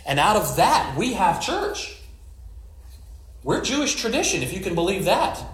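In an echoing room, a pastor preaches a little slowly and conversationally, retelling scripture as stories with jokes and side comments. He has a slightly high voice that ranges widely in pitch.

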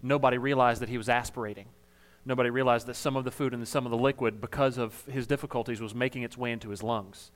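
A man's voice: medium pitch, fairly even intonation, fast, hardly any pauses. A male pastor speaking conversationally to his congregation, sharing a story about a church member. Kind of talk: informal sermon.

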